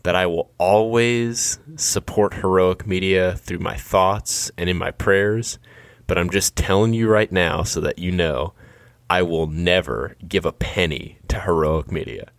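A blunt, opinionated middle-aged salesman, put on by a man retelling a phone call, lectures in a brusque, nonstop way. His low voice sits in a dry, close recording. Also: unhurried, no room sound. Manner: brusque and talkative.

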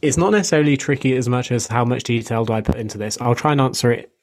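A man who coaches fitness clients, answering listener questions on a podcast in a measured, explanatory way. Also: mid-range voice, a little hiss or hum. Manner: measured, explanatory, even delivery.

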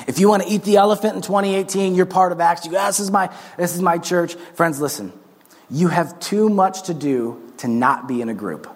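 Pastor guy preaching, earnest n urging, kinda high voice, big churchy echo. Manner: earnest, urging, speaks straight to the congregation. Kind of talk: sermon. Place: large church hall. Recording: long hall reverb.

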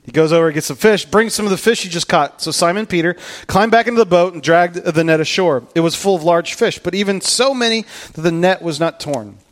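A man preaching a casual, storytelling sermon, acting out scenes and dropping into hushed tones for weight. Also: high voice, fairly quick, hardly any pauses. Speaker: pastor.

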